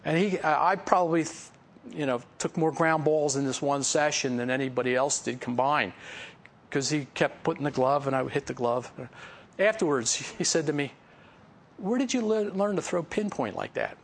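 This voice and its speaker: Speaking at normal speed in a slightly high voice, with a little hiss or hum in the recording, this pastor gives a casual sermon. He works through a Bible passage using personal stories and homespun asides, chuckling at his own tales.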